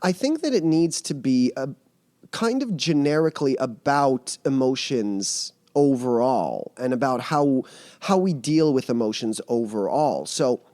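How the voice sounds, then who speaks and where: A man's voice: mid-range voice, lively intonation, unhurried, a little mellow, no echo. A man who mentors people on emotions, speaking earnestly in a podcast interview and explaining his ideas through vivid metaphors.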